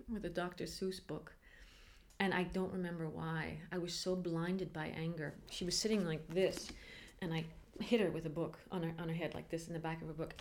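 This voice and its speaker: A woman in her thirties talking frankly in an interview, halting often and laughing as she talks. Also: lowish voice, vocal fry, a little hiss or hum. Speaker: interviewee, mother. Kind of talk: candid interview.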